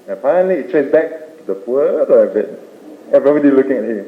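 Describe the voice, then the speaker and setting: A man's voice: mid-range voice, big pitch swings, fast. A man giving a Buddhist Dharma talk, explaining points with rhetorical questions and tag-ending "eh?". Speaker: Buddhist speaker. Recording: tinny roomy old tape with faint hiss.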